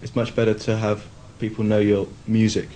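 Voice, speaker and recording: Low-voiced, mellow young British man. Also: fairly quick, rough recording. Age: 20s. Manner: relaxed, candid and wry. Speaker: band member. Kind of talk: casual interview chat.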